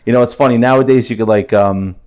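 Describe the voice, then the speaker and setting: A man's voice: mid-range voice, steady tone, fast, darkish tone. A man, a Russian speaker, chatting as an interview guest, full of fillers and restarts. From New Jersey, USA. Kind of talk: casual interview conversation.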